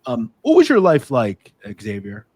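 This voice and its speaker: A man's voice: mid-range voice, huge pitch swings, unhurried, darkish tone, dry recording. A man hosting an interview podcast, opening with an upbeat promo and then asking his guest questions. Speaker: podcast host. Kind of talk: interview show intro and questions.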